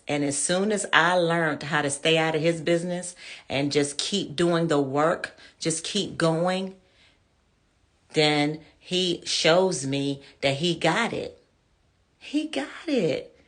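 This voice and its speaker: A woman's voice: sits low, steady tone, takes it slowly, a bit bright. Chatty, candid woman in her fifties. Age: 50s. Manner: chatty, candid, addresses viewers as y'all. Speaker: show host. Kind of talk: casual testimony to viewers.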